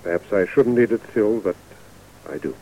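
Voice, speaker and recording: An actor playing an urbane, dryly witty middle-aged father, speaking in a measured way. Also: fairly low pitch, mellow, low-quality recording. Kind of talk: radio drama acting.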